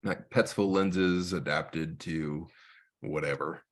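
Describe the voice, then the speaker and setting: A bass-voiced photographer gives a casual talk as a guest speaker, taking it slowly with fairly even intonation. He tells stories and plays out the dialogue himself.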